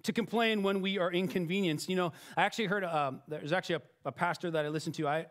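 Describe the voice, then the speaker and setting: A man's voice: high voice, fairly even intonation, quick pace, fairly bright tone. A middle-aged man preaching a sermon as pastor, conversational and self-deprecating, often checking in with "right?" and restarting his sentences.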